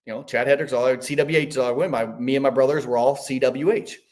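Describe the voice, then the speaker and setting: A man's voice: medium pitch, fast. A man in his fifties telling a story as a podcast guest, rambling with frequent restarts. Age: 50s. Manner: rambling, animated, many restarts. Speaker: podcast guest, business owner. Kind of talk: casual storytelling.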